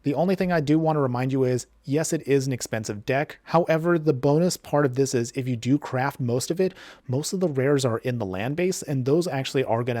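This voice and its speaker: Excitable man narrating card game plays. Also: medium pitch, dry recording. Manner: excitable, laughs often at his own plays; chatty, addresses viewers directly. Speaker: card game content creator. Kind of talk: gameplay commentary and deck guide.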